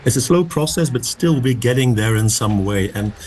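A man's voice: mid-range voice, expressive, normal speed, darkish tone, a little hiss or hum. A man researcher answering as a radio guest, hesitant with many ums and restarts.

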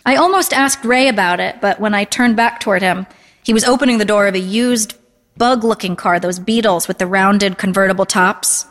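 A woman in her thirties reads a literary first-person story in a dry, deadpan, understated way. Her voice sits at an ordinary middle pitch, and a long reverb rings out after every phrase. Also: moderate pace. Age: 30s. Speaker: narrator.

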